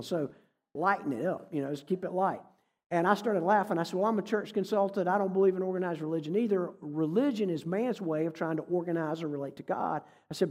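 A man's voice: fairly high pitch, a little mellow. Folksy man preaching in a reverberant hall. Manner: folksy, conversational, jokes with the audience. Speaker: guest speaker. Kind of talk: sermon with storytelling. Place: church hall.

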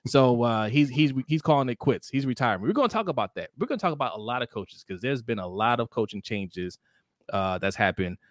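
Animated man hosting a sports podcast. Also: a little fast, dry recording, clean studio sound. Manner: animated, acts out quotes in high voices. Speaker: podcast host. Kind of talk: casual sports talk.

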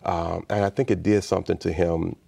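Deep, gravelly-voiced man telling a story. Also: brisk. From Chicago, United States. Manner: animated storyteller who acts out the voices in his story. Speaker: interview guest, state official. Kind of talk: personal storytelling in a conversation.

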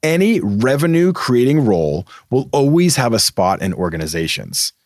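A man's voice: mid-range voice, sing-song, normal speed, darkish tone, no echo, studio quality. A man from Massachusetts hosting a career advice podcast, talking emphatically and putting rhetorical questions to his listeners. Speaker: podcast host.

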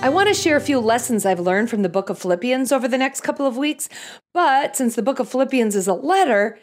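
A middle-aged woman hosts a podcast and tells her own story. She is wry and self-deprecating as she builds toward a lesson from Scripture. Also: a little high. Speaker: podcast host. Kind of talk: storytelling podcast with Bible teaching.

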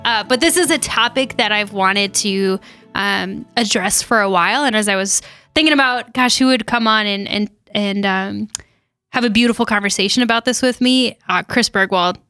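A woman hosting a podcast in casual chat, playful and quick with jokes and laughs, on a close, dry mic. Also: mid-range voice, pushed and bright, dry recording, faint music behind. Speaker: podcast host.

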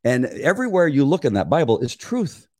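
Fairly quick and on the higher side, an older man's voice comes through as he chats on a talk show where he's a regular. He explains scent detection and animatedly acts out exchanges, getting louder when quoting.

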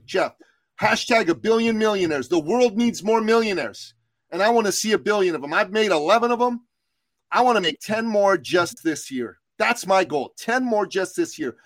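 A man's voice: high voice, a bit bright, dry recording. Emphatic motivational man from Iran, dry sound. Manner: emphatic, slogan-driven motivational talk. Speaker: business coach, podcast guest. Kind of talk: motivational podcast interview storytelling.

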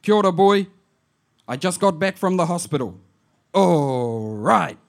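Brief: man playing a rowdy elderly New auntie, high, loud and laughing, ribbing her nephew on an answering machine. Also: lively intonation, a little slow, vocal fry, exaggerated voice. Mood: chatty. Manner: loud, laughing, mixes in Māori words. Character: boisterous elderly aunt, loud and teasing. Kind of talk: comic voice in a spoken-word poem.

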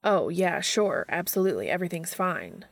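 A woman voicing a flustered, earnest adult man as she reads a story aloud, rushed and breathless. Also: sits low, gravelly, dry recording, full character voice. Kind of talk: audiobook fiction reading.

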